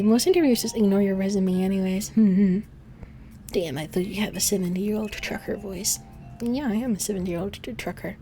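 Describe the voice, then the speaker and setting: A fairly high-pitched, dark-toned voice belongs to this woman VTuber chatting casually on stream. Her talk rambles, is often profane, and is punctuated by laughter.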